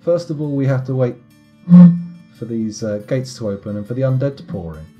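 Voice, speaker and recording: A man's voice: mid-range voice, brisk, mellow, soft background music. A man giving casual, rambling commentary over a live game stream, full of wry, self-mocking asides. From United Kingdom.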